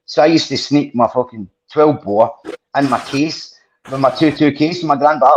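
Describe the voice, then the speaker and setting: A man's voice: medium pitch, normal speed, breathy edge. A man hosting a podcast, telling rambling, sweary stories with plenty of restarts. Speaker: podcast host. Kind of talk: casual storytelling chat. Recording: dull lo-fi podcast audio.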